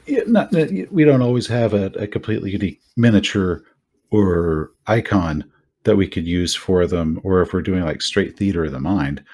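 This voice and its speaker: A man co-hosting a podcast, chatting casually about running tabletop horror games, animated and full of asides. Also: low voice. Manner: animated, rambling with many asides. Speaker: podcast co-host.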